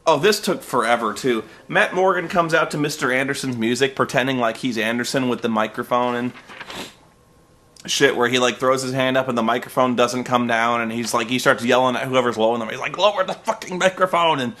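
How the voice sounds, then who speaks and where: A man's voice: mid-range voice, fairly even intonation, brisk, a bit bright. A man hosting a comedic review, recapping events in an exasperated, profane, sarcastic rant that rambles along on fillers. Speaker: host reviewing wrestling.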